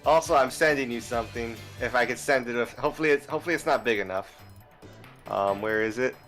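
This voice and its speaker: A man's voice: mid-range voice, fast talker, a bit bright, faint music behind. A man hosting a casual stream chat, rambling and restarting his sentences in an easygoing way. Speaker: streamer host.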